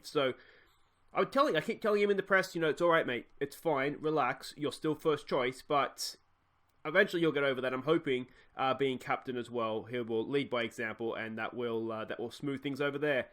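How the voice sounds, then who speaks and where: An Australian gaming YouTuber gives casual let's play commentary in a slightly high, somewhat bright voice. He's chatty and thinks out loud, full of fillers and self-corrections.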